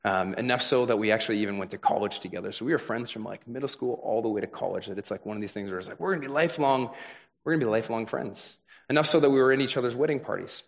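A young adult man preaches a sermon in a fairly low voice. His delivery is conversational and earnest, and he keeps checking in with the congregation with frequent "right?" asides. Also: racing, creaky, hardly any pauses. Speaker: pastor.

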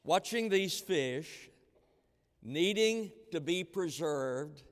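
Pastor, male, slightly high voice, emphatic sermon delivery that swings loud and hushed, long church reverb. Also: unhurried. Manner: emphatic, repeats key phrases, swings between loud and hushed.

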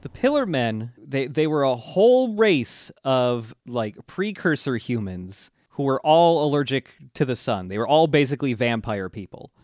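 Lively, laughing man on a podcast. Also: medium pitch, moderate pace, hardly any pauses, dry recording, clean studio sound. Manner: rambling, laughing, swears freely. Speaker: podcast co-host. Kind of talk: casual chat recapping an anime.

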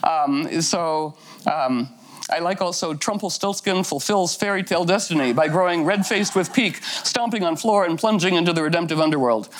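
A woman's voice: fairly low pitch, normal speed. Woman giving a talk; loose, playful, filler-heavy, acts out voices.

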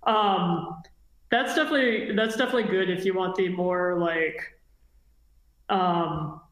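A woman guest chatting casually on a podcast, quick and wry, with plenty of fillers. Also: lowish voice. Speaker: guest writer. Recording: roomy echo.

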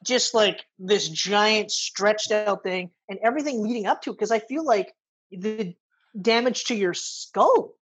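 A woman in a relaxed film chat, swearing freely and acting out lines from the movie. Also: medium pitch, measured pace, husky. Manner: casual, swears often, acts out movie lines. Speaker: podcast co-host. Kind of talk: casual movie review chat.

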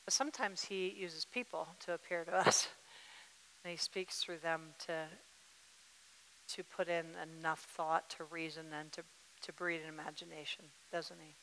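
A woman's voice: fairly low pitch, steady tone, normal speed, a bit bright, a little hiss or hum. A woman preaching a sermon with emphatic repetition, acting out what to say back. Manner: emphatic, repeats words, acts out dialogue. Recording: reverberant hall.

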